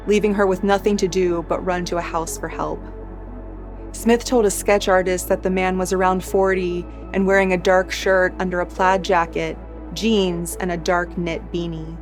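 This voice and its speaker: A woman hosting a true crime channel, giving a steady, measured scripted narration. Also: on the low side. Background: soft background music.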